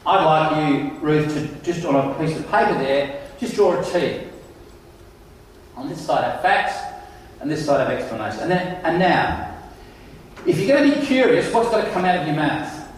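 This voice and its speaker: A middle-aged man giving a conference keynote, telling stories in an animated, self-mocking way, recorded in a large hall. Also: a little high, normal speed, recorded from a distance, a little hiss or hum. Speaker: keynote speaker. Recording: echoey hall, mic heard from afar.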